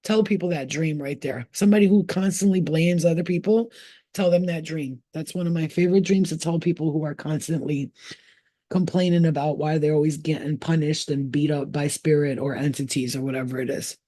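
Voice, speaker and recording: A woman's voice: fairly quick, no room sound, clean studio sound. A woman hosting her own channel as a spiritual healer, giving a casual, blunt pep talk full of swearing, acting out voices as she goes. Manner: blunt and profane, acts out quoted voices; animated, often jumps higher in pitch.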